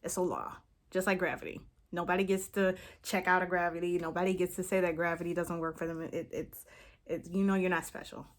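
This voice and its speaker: A woman's voice: lowish voice, level tone, brisk. A woman talking to camera as a manifestation coach, frank and emphatic, swearing freely and checking in with the listener again and again. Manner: emphatic, keeps checking in with "okay?". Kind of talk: impromptu casual vlog talk.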